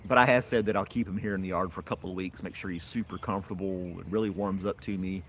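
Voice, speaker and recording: A man's voice: deep voice, fairly even intonation, quick pace, fairly bright tone, slight background noise. A man hosting a casual livestream from his backyard, rambling and chatting with viewers and laughing often. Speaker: livestream host. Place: outdoors in a backyard.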